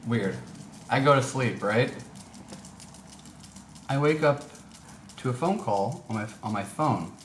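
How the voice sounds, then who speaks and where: A man telling a story casually as a vlogger, rambling with many fillers and restarts. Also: lowish voice. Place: indoor room. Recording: echoey room, faint noise.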